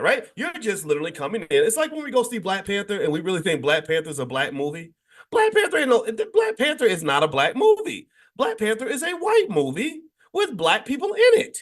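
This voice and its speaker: Emphatic, animated middle-aged man. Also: a little high. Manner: animated and emphatic, with frequent restarts and rising bursts. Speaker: host and finance educator. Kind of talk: casual talk-show commentary.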